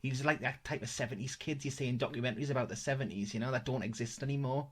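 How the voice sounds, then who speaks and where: A man's voice: medium pitch, fast, fairly bright tone, husky. A man with a South Tyneside accent doing a stand-up set at home, dry and sweary with rambling asides. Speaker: stand-up comedian. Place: his house. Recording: roomy room, mic at a distance.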